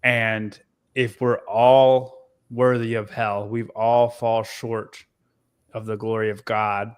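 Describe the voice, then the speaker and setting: A man speaking as a podcast guest in an earnest, deliberate way during a casual discussion. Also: fairly low pitch, level tone, clean tone.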